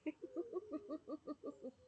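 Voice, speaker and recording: A woman's voice: high-pitched, drawn-out words, narrow, tinny audio, slight background noise. Woman vlogger, outdoors among trees at dawn, emotional and gushing, tearful, laughs a lot. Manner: emotional, effusive, laughing often, bursts into singing. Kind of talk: casual spoken reflection.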